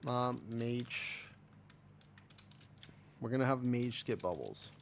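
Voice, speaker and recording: Young guy from America, gaming streamer, loose rambling banter with chat, voice mid-pitched and bouncy. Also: expressive, slow, creaky, a little hiss or hum. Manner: rambling and joking, answers chat. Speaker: livestreamer. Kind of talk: casual livestream chat while gaming.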